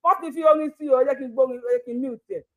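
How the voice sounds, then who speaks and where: A woman's voice: high-pitched, very fast, a little mellow, faint music behind. A Nigerian woman hosting her own channel, talking casually and laughing a lot, switching between Yoruba and pidgin English. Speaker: YouTube channel host. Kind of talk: casual live commentary.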